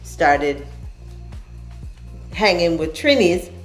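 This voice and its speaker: A woman's voice: lowish voice, big pitch swings. A woman from Panama, hosting a casual kitchen-table chat, speaking in a reflective way and often restarting her sentences. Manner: slow, reflective, stops to restart. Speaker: host. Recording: echoey room with faint music.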